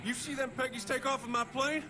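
A man's voice: very high voice, fairly even intonation, a little fast. An actor playing a desperate middle-aged male bush pilot in a video game, frantic and pleading, swearing a lot. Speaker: game character. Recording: game audio with music behind.

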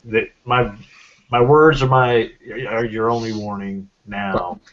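A man's voice: lowish voice, fairly even intonation, slow. A man joking around as a guest on a casual fan podcast. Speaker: podcast co-host. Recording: dull lo-fi audio.

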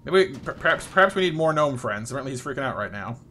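Young man, live game streamer, playful and chatty, bright forceful voice, faint background hiss. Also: medium pitch, big pitch swings, fast. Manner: playful, chatty, greets chat by name, talks to game characters. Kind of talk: live gameplay commentary.

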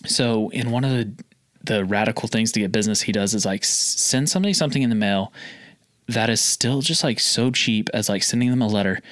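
A man's voice: fairly low pitch, fairly quick, a bit bright, no room sound, clean studio sound. Chatty guy from Oklahoma telling stories. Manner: rambling, filler-heavy with lots of "like". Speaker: feed store owner, guest. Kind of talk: casual storytelling interview.

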